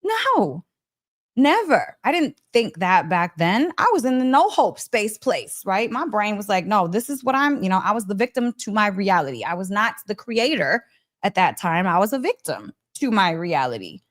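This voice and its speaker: A young adult woman telling a personal story to camera in a casual vlog, animated and laughing often. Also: mid-range voice, moderate pace. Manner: animated, laughs often, acts out quoted voices. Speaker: vlogger.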